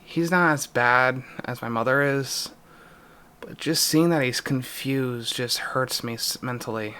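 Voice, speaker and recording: A young man in an emotional vlog confession, distressed and near tears, speaking haltingly with pauses and a voice that drops. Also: medium pitch, pushed and bright, clear, resonant tone. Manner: halting, pausing, voice dropping. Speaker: YouTuber.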